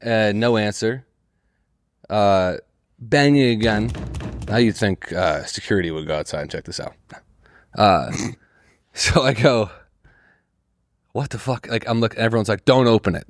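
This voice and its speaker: A young comedian co-hosting a podcast tells a story in casual chat, swearing a lot and animatedly acting out the people he quotes. His voice is on the low side at normal speed with frequent pauses, recorded in clean studio sound with no echo.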